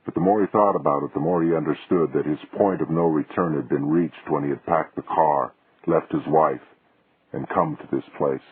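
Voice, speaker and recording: A man narrating a mystery audiobook in a steady, husky voice. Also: a bass voice, moderate pace, phone-quality sound. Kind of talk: scripted narration.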